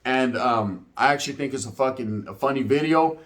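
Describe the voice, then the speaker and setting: A reaction video host in his forties tells a story and gives his opinion in casual, profane street talk, often tagging lines with "right?". His voice is mid-range, a little fast and fairly bright in tone.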